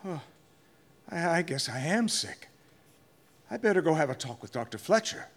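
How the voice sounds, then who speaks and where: A man's voice: fairly high pitch, very animated, moderate pace. An actor playing a nervous, stammering judge who narrates his own story in a 1940s-style radio drama. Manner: stammering, agitated. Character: nervous guilt-ridden middle-aged judge. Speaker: narrator and lead. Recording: old radio drama with faint music.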